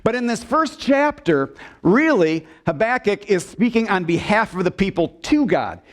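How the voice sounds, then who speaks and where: A male pastor delivering a sermon in a church, asking the congregation questions and drawing them into call-and-response, sometimes dropping low and soft for emphasis. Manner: expressive preaching, dips low and soft for emphasis. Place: church sanctuary.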